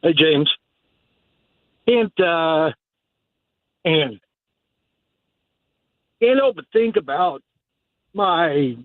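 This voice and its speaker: A man's voice: on the high side, lively intonation, dry recording. Emotional male caller on a tinny phone line. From Texas. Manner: emotional, earnest, halting.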